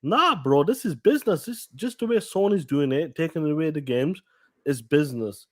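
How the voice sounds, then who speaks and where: A man's voice: on the high side, animated, normal speed. Male co-host, hammers points through repetition. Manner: emphatic, repeats points for stress. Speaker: podcast co-host. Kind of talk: casual chat.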